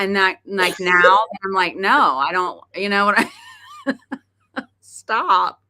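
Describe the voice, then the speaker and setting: A woman's voice: mid-range voice, takes it slowly, pushed and bright. A middle-aged woman hosting a podcast, chatting casually and laughing often as she tells stories. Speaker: podcast host. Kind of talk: casual chat.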